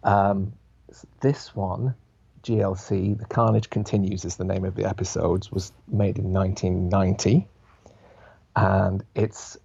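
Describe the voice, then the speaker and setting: A man's voice: on the low side, vocal fry, mellow, husky, highs cut off. A man guesting on a podcast, explaining thoughtfully and with hesitations. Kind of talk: casual chat.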